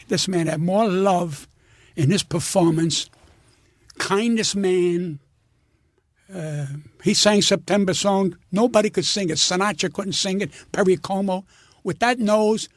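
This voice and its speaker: An older man telling profane, animated showbiz stories as a comedian guest, breaking into shouted impressions. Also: sits high, no echo, studio quality. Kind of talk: storytelling interview.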